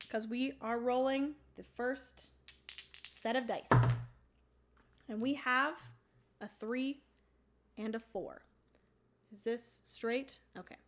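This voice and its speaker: Some slight background noise sits under this woman's high voice as she casually walks through the rules on a board game livestream. She's chatty, says um a lot, thinks aloud, and keeps clearing her throaty morning voice.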